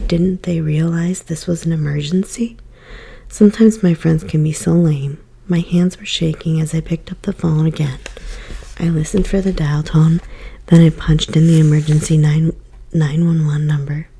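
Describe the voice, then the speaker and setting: Low, husky whispering woman. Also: steady tone. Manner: soft, slow whisper. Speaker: storyteller. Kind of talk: whispered ASMR reading.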